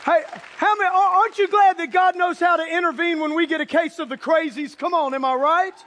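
A man, a pastor, preaching a sermon built around a personal story, talking animatedly and breaking into shouts at the big moments. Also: very high voice, a little fast, some chatter behind, a little hiss or hum. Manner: animated, bursts into shouts for punchlines. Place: church or auditorium with a live congregation.

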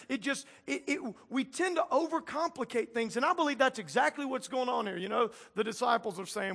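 A man preaching a sermon in a conversational way, acting out Bible figures in casual voices and building from quiet passages to loud ones. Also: extremely high pitch, brisk, gravelly, hardly any pauses. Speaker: pastor.

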